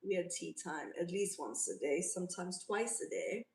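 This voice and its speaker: A South African woman hosts a casual livestream, chatting and reading out viewer comments to answer them. Her voice is on the low side, expressive, at a moderate pace with a darkish tone, and the recording sounds roomy and distant.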